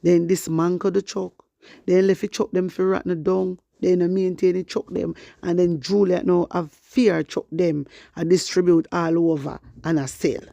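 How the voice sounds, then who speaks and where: Jamaican accent, fiery political commentary, patois mixed in, gravelly voice, dry close sound. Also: medium pitch, little pitch movement, normal speed, mellow, dry recording. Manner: fiery, mixing patois with standard English. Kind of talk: casual commentary to viewers.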